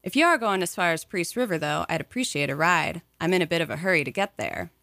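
A woman's voice: on the low side, fast talker, dry recording, clean studio sound. A woman reading aloud, voicing a charming, polite young man who is a stranger on the road. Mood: smooth, polite. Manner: warm and polite, then excited. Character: charming smooth-talking young man, fugitive.

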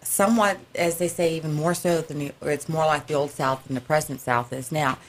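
A woman's voice: low voice, steady tone, brisk. A woman from the American South with a Southern accent, an actress talking enthusiastically in a radio interview. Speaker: stage actress.

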